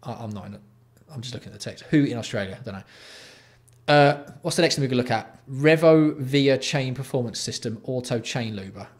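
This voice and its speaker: Man, young adult, livestream host, sweary, mocking, exasperated rant, mid-range pitch. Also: fairly quick. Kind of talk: ranting livestream commentary.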